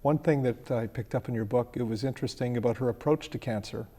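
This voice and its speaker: A man hosting an interview, asking deliberate questions at a measured pace. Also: mid-range voice, warm tone. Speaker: interview host. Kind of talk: interview questions and reading aloud.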